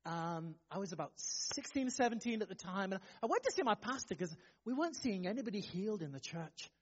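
A man preaches in a warm, conversational way, asking his listeners one question after another. His voice swings widely in pitch. The recording sounds somewhat dull and lo-fi. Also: brisk, husky. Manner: lively, conversational preaching with frequent rhetorical questions. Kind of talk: sermon.

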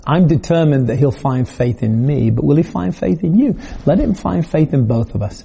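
A man's voice: on the high side, animated, normal speed, gravelly, hardly any pauses, warm tone, breathy edge. A man preaching a video sermon in a conversational, storytelling way, acting out quoted voices.

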